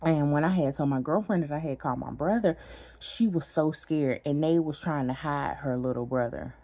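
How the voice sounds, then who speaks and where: A woman with tells a story to her viewers. Her voice sits low and sounds dry and close. She talks in a lively, profane way, calling her listeners "girl.". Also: normal speed, no room sound. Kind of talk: casual story time.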